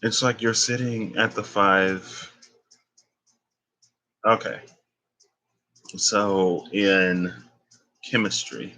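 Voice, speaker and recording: Young guy doing a chill tarot reading, low husky voice, keeps thinking out loud. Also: low-quality recording. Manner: rambling, thinking aloud, self-correcting. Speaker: tarot reader. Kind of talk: casual spoken tarot reading.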